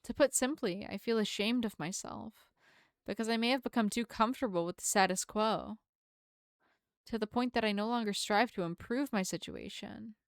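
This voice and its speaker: A woman's voice: on the high side, moderate pace, no echo, natural voice. A woman voicing an earnest, polite young woman who talks in formal, apologetic phrases, reading a visual novel aloud with a dry sound.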